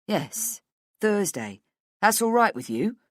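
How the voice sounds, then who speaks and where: A woman voicing a calm, matter-of-fact middle-aged male boss. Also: mid-range voice, slow pace, no echo, clean studio sound, voice pushed up.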